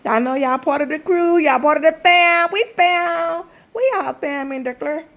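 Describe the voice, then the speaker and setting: A woman, chatting to her viewers in a vlog with animated, drawn-out exclamations. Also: high voice. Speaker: vlogger. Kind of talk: casual chat to viewers.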